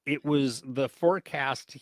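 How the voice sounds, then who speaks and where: A man's voice: mid-range voice, a little slow, dry recording, studio quality. A man co-hosting a live movie chat stream, greeting viewers by name and laughing often. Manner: animated, laughs often, reads chat names.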